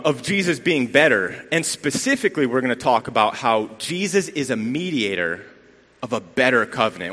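This man, a medium-pitched speaker with a fairly bright tone, delivers a lay sermon in a church sanctuary. He tells rambling, self-deprecating stories, and the church hall gives the recording a long reverb.

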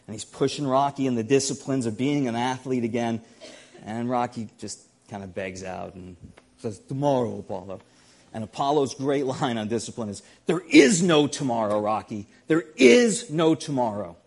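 A man's voice: mid-range voice, a little mellow. Guy preaching, earnest and punchy, keeps hammering the same points home. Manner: earnest, emphatic, repeats key phrases. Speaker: pastor. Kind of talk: sermon.

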